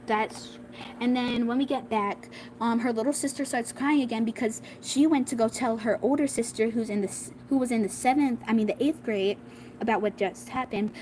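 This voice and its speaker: In a rough recording with slight background noise, a young girl vlogger talks at a moderate pace in a somewhat high, darkish voice. Her school drama story wanders casually, stuffed with fillers and "like"s, as she acts out her classmates' words.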